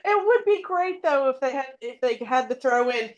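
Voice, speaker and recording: Female podcast co-host, slightly high voice, amused and chatty. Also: expressive, moderate pace, dull audio. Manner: amused, laughs often, echoes the host. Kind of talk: casual chat.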